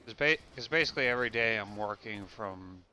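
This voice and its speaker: A man's voice: lowish voice, animated, a little fast, pushed and bright, muffled recording. A young man chatting casually and rambling while he streams a game, often restarting his sentences. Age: young adult. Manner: rambling, self-correcting chat. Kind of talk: casual gameplay commentary.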